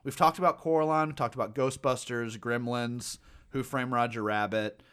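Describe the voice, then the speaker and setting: A smooth, medium-pitched male voice at a moderate pace belongs to a podcast co-host chatting casually. He spins animated tales about scary films, full of fillers and restarts.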